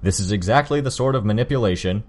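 A man voicing a stern, angry male hero in an audiobook, gruff and defensive. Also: low-pitched, a little slow, voice pushed down.

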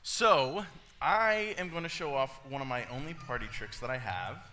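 A man's voice: mid-range voice, lively intonation, moderate pace, bright, forceful tone, a little hiss or hum. A man preaching to a congregation in a playful, jokey teaching manner. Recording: echoey church hall.

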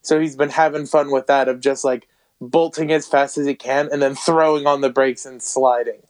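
A man's voice: mid-range voice, fairly even intonation, normal speed. A man co-hosting a podcast in casual, crude, giggly chat. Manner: laid-back, giggly, crude humor. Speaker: podcast co-host.

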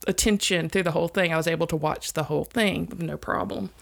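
Podcast co-host, woman, Southern US accent, low gravelly voice, rambling and blunt. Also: steady tone, fast. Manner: rambling, blunt, swears freely. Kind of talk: casual chat.

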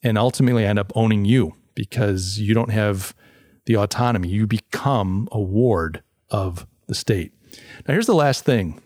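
A man's voice: on the low side, moderate pace, a little mellow, no echo. Man talking through a paper, dry sound. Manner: conversational, restarts often, acts out quoted voices. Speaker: podcast host. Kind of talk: solo commentary reviewing a paper.

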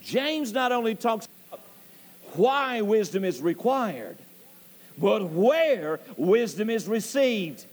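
A man's voice: big pitch swings, slow pace, long reverb tail. A male pastor preaching a sermon in a church, emphatic and repetitive, swooping up on key words. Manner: emphatic, repeats key phrases, voice swoops high on stressed words. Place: church sanctuary.

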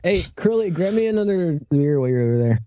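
Wisecracking man with lively pitch. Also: fast talker, no echo, clean studio sound. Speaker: podcast guest. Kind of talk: casual chat.

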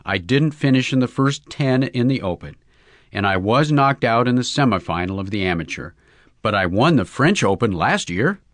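A man voicing an excitable young male golfer, talking earnestly in breezy slang. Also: medium pitch, normal speed, dry recording, lightly acted.

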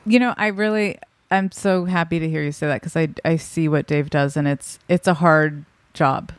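A woman guest in a podcast interview who works as a radio producer, talking warmly and eagerly, often restarting her sentences. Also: low voice, steady tone, dry recording. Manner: warm, enthusiastic, halting with restarts. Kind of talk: casual interview chat.

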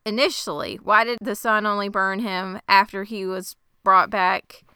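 A woman's voice: medium pitch, fairly even intonation, a little slow, bright, forceful tone, clean tone, no echo, studio quality. A woman co-hosting a podcast, recapping a TV episode in a wry, joking, casual chat. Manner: wry, jokey, questioning. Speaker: podcast co-host.

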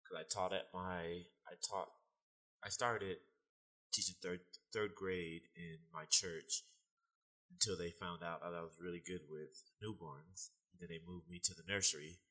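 A young man being interviewed, telling animated stories and laughing often in casual talk. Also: deep voice, a little slow, poor audio. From United States. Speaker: guest, fitness trainer.

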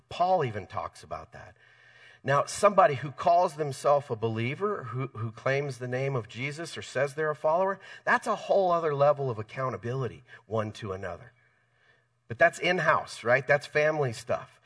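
A man's voice: medium pitch, fairly bright tone, recorded from a distance. A man preaching a sermon as the pastor, speaking with emphasis, repeating key phrases and correcting himself mid-sentence.

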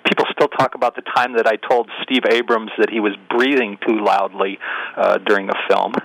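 A man's voice: lowish voice, fairly even intonation, moderate pace, gravelly, fairly bright tone, poor audio. An older man, an interview guest, telling wry, self-deprecating stories in a casual way. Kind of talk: casual storytelling.

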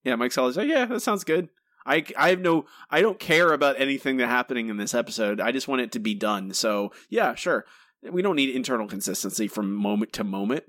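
A man's voice: medium pitch, fast talker, a bit bright, no echo, studio quality. A man co-hosting a podcast, talking in an exasperated, rambling way with frequent restarts. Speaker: podcast co-host. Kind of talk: casual review chat.

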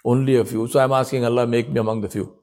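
A male preacher tells a story in a sermon at a mid-range pitch. He keeps asking the listeners rhetorical questions. His voice sinks quiet and low whenever he adds an honorific blessing. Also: fairly even intonation, fast talker. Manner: drops soft and low on honorific phrases.

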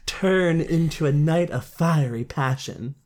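A woman's voice: sits low, slow, a little mellow, a little hiss or hum. A woman co-hosting a podcast, reading a book summary aloud and cracking jokes in casual banter. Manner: joking, reads summary aloud. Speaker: podcast co-host.

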